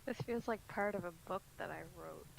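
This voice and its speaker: A woman's voice: medium pitch, vocal fry, a little hiss or hum, rough recording. A woman playing a tabletop game, chatting in casual asides. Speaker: player.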